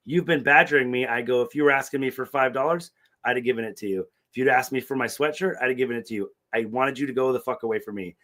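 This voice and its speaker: A middle-aged man telling a long story in casual chat, animated and profane, acting out the dialogue. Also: medium pitch, fast talker. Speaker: podcast co-host.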